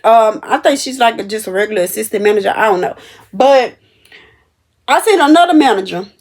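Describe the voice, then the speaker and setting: A young woman telling a story about her cashier job to her viewers, animated and emphatic. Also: a little high, brisk. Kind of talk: casual storytelling to camera.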